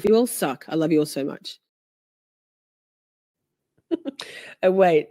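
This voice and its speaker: A woman hosting a casual stream, chatting with viewers in an animated, playful, mock-dramatic way. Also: low-pitched, slow pace, long pauses, dry recording. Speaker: livestream host. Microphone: phone.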